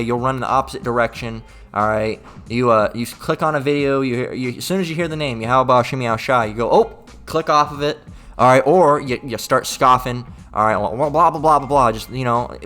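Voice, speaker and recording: Blunt, profane male preacher, mid-pitched voice, faint music under him. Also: a bit bright. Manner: blunt and profane, repeating "all right?" after each point. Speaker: street preacher. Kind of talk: informal preaching with scripture reading.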